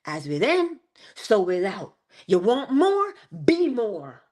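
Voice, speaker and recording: A woman giving a passionate spiritual motivational talk, slowing down and stretching key words for emphasis. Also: fairly high pitch, wildly swooping pitch, a little mellow. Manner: passionate, preachy, rising and falling emphasis. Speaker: inspirational speaker.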